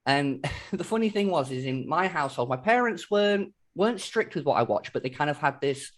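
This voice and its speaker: A man's voice: on the high side, animated, a little fast, hardly any pauses. A man chats casually as an interview guest. He tells his stories freely and laughs often. The sound comes through a video call. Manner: chatty storyteller, laughs often.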